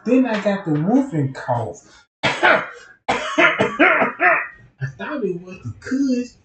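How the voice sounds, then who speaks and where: A man's voice: sits high, lively intonation, a little slow. A man in a casual, profane, rambling rant as a streamer, keeps asking if you know what he's talking about. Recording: roomy, off-mic sound.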